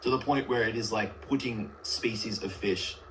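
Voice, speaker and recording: A low-voiced man makes an earnest, rambling case on a livestream, peppering his talk with "like" and "right". A faint hum runs under the played-back clip. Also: moderate pace. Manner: rambling, heavy filler words, earnest. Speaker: livestream guest. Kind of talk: casual debate on a livestream.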